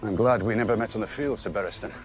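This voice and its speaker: A man's voice: lowish voice, rapid-fire, soft background music, lightly acted. A man playing a wry, courteous knight.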